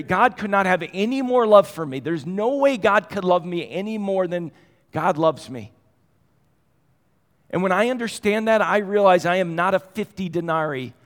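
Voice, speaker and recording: A middle-aged man preaching a sermon, telling stories conversationally and moving between quiet and animated passages. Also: high-pitched. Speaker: pastor. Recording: long hall reverb.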